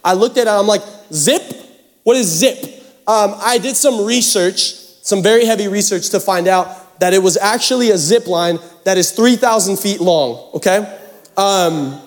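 High-voiced young pastor, echoing hall. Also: male voice, moderate pace. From Pacific Northwest. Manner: animated, self-mocking, dramatic storytelling. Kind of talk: storytelling sermon. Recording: hall reverb.

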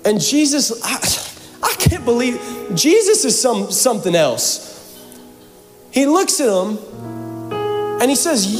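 A man from Seattle preaching in church, his voice sitting high for a man. He jokes and teases the congregation between scripture passages. His words trail off into a long church reverb, with soft music faint underneath. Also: slow, pauses often. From Seattle, USA. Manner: joking, animated preaching with asides to the congregation. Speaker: pastor. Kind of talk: sermon.

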